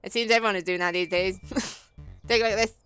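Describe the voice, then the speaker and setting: A woman's voice: medium pitch, fairly even intonation, a little fast, fairly bright tone, clean tone, lightly acted, rough recording. A woman voicing a brusque, impatient male crocodile arms dealer in a video game reading, with faint music behind her. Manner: brusque, impatient street-wise talk.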